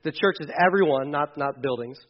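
High-voiced man preaching casually. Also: fairly quick, lo-fi sound, slight background noise. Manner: conversational, acts out quotes in casual voices, many restarts. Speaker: pastor. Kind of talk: sermon.

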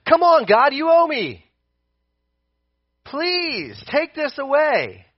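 A man, acting out a sermon scene, voices a desperate adult man pleading loudly with God to take his suffering away. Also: very high-pitched, wildly swooping pitch, slow pace, dry recording, muffled recording, pitched above the performer's own voice, full character voice. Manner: loud, pleading, exasperated.

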